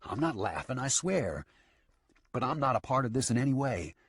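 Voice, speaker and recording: Man playing a jittery scared gambler, protesting, husky voice, dry close sound. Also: medium pitch, sing-song, normal speed, dry recording, pitched above the performer's own voice. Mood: nervous. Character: nervous rattled young gambler man.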